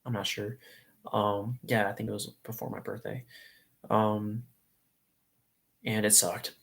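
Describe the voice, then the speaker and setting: Creaky-voiced teenage guy, earnest and rambling. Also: on the low side, level tone, a little slow, a bit bright. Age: late teens. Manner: earnest, rambling, openly emotional. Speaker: livestreamer. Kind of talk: casual live stream chat.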